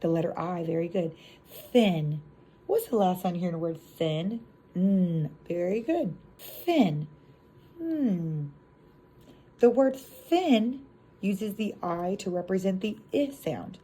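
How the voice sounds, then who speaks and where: A young woman teaching a phonics lesson, stretching out sounds with animated classroom praise, then chatting casually to other teachers. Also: fairly low pitch, takes it slowly, breathy edge.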